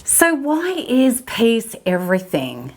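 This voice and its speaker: A middle-aged woman, hosting her own channel and chatting casually into a self-help talk, lively and amused as she tells a story. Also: on the high side, slow. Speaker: host of a recovery channel.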